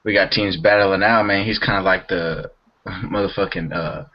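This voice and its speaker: A young man on a podcast talks in a slangy, easygoing way, tossing in "man" and "bro" as he goes. His voice sits a little low, and the recording is somewhat dull and lo-fi. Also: steady tone, moderate pace. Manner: slangy, loose, calls everyone bro and man. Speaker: podcast co-host. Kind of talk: casual chat.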